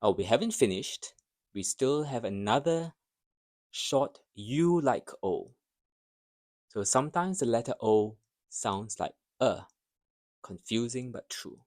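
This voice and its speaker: A man teaching English pronunciation, carefully modelling words and phrases, then pausing so learners can repeat after him. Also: mid-range voice, expressive, a little mellow, no room sound, studio quality. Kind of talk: slow, deliberate pronunciation drill.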